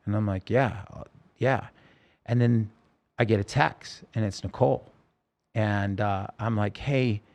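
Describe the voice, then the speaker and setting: A man telling his own story in a podcast interview, earnest and halting, with many restarts. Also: on the low side, vocal fry, a little mellow.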